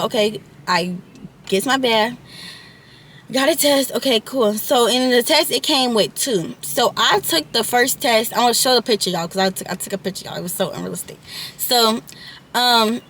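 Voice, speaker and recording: A young woman of eighteen tells a long storytime to her viewers in a slightly high voice. She talks casually and rambles, filling her speech with "like" and "y'all". Her camera mic picks up faint background noise. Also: a bit bright. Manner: chatty, rambling, many "like" and "y'all" asides. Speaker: vlogger.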